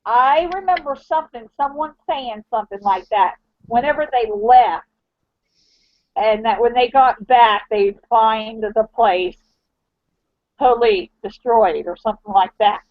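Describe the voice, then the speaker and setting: High-voiced woman, dry muffled sound. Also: a little slow, no echo. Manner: enthusiastic, pushes back, asks questions. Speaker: podcast co-host. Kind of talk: casual fan podcast chat.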